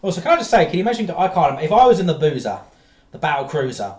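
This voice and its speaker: A man hosting a reaction stream, swearing and exasperated, breaking into shouting outbursts. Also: fairly high pitch, very animated, fast, reverberant. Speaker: stream host reacting to videos. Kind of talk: drunk reaction stream commentary.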